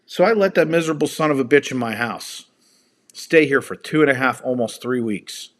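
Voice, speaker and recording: A man's voice: mid-range voice, moderate pace. A man hosting a live stream from home, ranting angrily and swearing with heated emphasis. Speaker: livestream host. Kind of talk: angry livestream rant.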